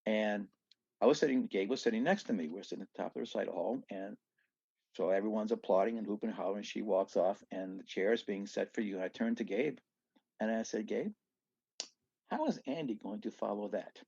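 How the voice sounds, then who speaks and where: A man from southeast Louisiana with a gravelly, creaky voice, speaking as a podcast guest in a dry, slightly dull recording. He tells long stories animatedly, doubling back on himself with asides and restarts. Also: on the low side, fast, darkish tone, no room sound. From southeast Louisiana, USA. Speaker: guest musician. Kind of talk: storytelling in a casual podcast chat.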